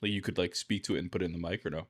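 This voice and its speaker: A man co-hosting a podcast, chatting casually in a flat, low-key, monotone way. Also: rapid-fire. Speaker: podcast co-host. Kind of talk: casual chat.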